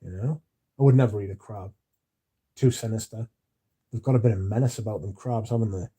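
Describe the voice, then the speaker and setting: A livestream host with a warm, lowish voice and a breathy edge talks a little fast as he reads his chat. His manner is drowsy and rambling, with yawning and some mumbling.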